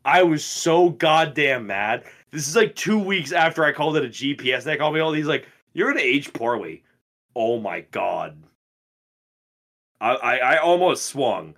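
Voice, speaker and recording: A man in his twenties co-hosting a podcast, telling stories in a casual, profane and animated way. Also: a little high, normal speed, creaky. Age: 20s. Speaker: podcast co-host. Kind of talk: casual chat.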